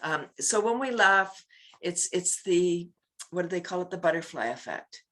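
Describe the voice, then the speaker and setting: Lively chatty woman, bright voice. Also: fairly low pitch, normal speed. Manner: chatty, laughs often, bursts into loud laughter chants. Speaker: laughter yoga teacher. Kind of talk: casual interview chat.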